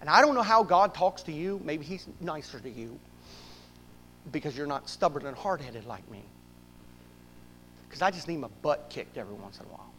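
A man preaching a sermon to his church, swinging from loud bursts to hushed asides. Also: fairly high pitch, lively intonation, moderate pace, long pauses, in a large hall, a little hiss or hum, poor audio. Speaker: pastor.

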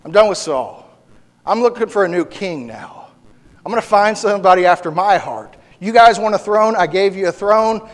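A stern, decisive deity speaking in firm pronouncements, as a preacher voices him. The voice sits high, and a long church reverb trails each phrase. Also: male voice, lively intonation, moderate pace. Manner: firm, declarative.

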